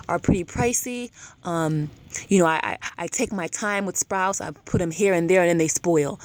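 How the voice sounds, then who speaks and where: A woman's voice: fairly low pitch, noisy background. A young woman vlogging casually to her camera, emphatic and rambling, with many fillers and restarts.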